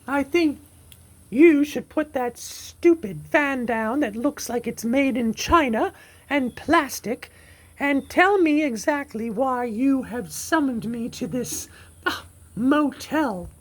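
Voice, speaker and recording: A woman's voice: high voice, lively intonation, slow pace, full character voice. A woman voicing a snooty, stern, impatient sister-in-law in an amateur audio drama, with a clipped, scolding manner. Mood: scornful.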